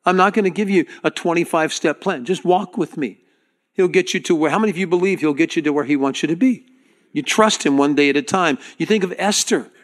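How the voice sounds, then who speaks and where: A man's voice: on the high side, a little fast. A male pastor preaching a sermon, putting questions to his congregation as he goes.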